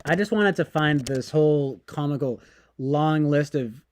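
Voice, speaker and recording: A man's voice: on the high side, measured pace, a little mellow. A man streaming, talking casually in a sarcastic, mocking and rambling way.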